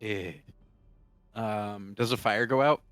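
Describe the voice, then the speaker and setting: A man's voice: lowish voice, takes it slowly, a bit bright, clear, resonant tone, dry recording, faint music behind. A man playing a tabletop game, talking eagerly and jokingly, with playful boasting about his character's moves. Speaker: player.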